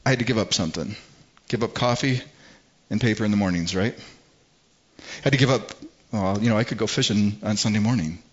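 A man's voice: on the low side, brisk, pauses often. A middle-aged man preaching as a pastor in a conversational style, with frequent repetitions and acted-out quotes. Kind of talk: sermon. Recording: slightly dull, muffled sound.

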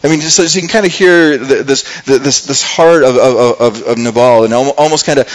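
A man's voice: medium pitch, a little fast, low-quality recording. A man preaching a sermon in an earnest, conversational way, often repeating words and acting out the lines he quotes. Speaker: pastor.

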